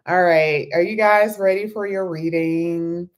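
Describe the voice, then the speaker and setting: A woman's voice: fairly low pitch, steady tone, measured pace, few pauses. A woman who has just woken up, doing a chatty live tarot reading and greeting her viewers by name. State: just woke up, voice low. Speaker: tarot reader.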